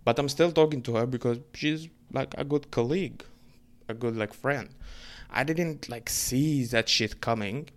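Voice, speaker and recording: A young Egyptian man with a medium-pitched voice tells a story as a casual, profane, rambling rant, packed with fillers and quick bursts of speech.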